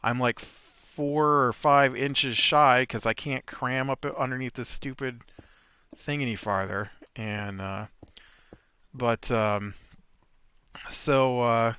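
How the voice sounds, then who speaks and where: Guy rambling through a story while gaming, bright voice, super dry sound. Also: medium pitch, fairly even intonation, takes it slowly, clear, resonant tone, no echo. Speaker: let's play host. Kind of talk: casual chat while playing a video game.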